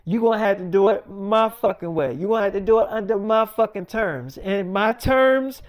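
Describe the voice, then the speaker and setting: A man's voice: high-pitched, moderate pace, close to an everyday voice. A man voicing his angry, nagging wife, swearing and scolding him by name. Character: furious scolding wife, adult woman.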